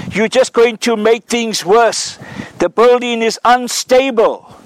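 Slow, high-voiced male preacher. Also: no room sound, low-quality recording. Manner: slow, earnest storytelling that builds to emphatic declarations. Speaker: pastor. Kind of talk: sermon with illustrative story.

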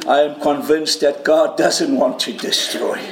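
A man preaching a sermon to a congregation and viewers at home, crying out quoted prayers loudly and joking with his listeners. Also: on the high side, fairly even intonation, measured pace, slight background noise. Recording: roomy hall with faint ambience.

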